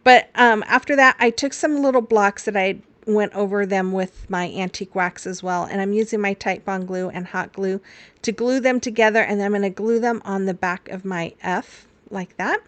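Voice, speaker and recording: A woman's voice: mid-range voice, moderate pace, no room sound. An older woman hosting a crafting channel, chatting in a rambling, storytelling way and walking through a craft tutorial from her craft room. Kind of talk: casual chat and craft tutorial.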